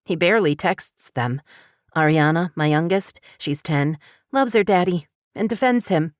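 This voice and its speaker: A woman's voice: fairly low pitch, measured pace, dry recording, natural voice. A worried, emotional single mom, as a woman reads her in an audiobook, her words pleading and strained with tears. The recording is close and dry. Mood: aching. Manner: tearful, rising, pleading. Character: anxious, emotional single mother of two. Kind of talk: audiobook character voice.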